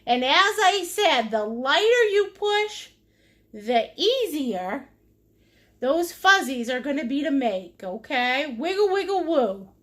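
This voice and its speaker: Sing-song and slow, a woman's high, slightly bright voice guides a painting lesson streamed live. She giggles, is silly, toys with made-up words, and replies to comments from viewers mid-painting.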